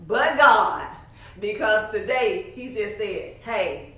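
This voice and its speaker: A woman's voice: a little high, slow pace, pushed and bright. A middle-aged woman, interviewing guests in a chatty way and laughing through her stories. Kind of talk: casual interview. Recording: roomy sound from a distance.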